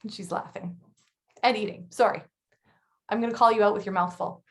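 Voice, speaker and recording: A woman in her thirties co-hosting a casual chat, blunt and chatty with quick laughs. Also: mid-range voice, steady tone. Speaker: podcast co-host.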